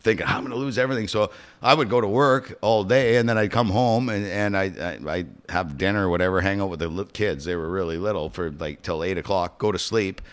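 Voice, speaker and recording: A middle-aged man hosting a podcast, telling stories in a profane, animated way that swings from hushed to shouting. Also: low voice, a little fast, smooth. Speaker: podcast host. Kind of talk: casual storytelling.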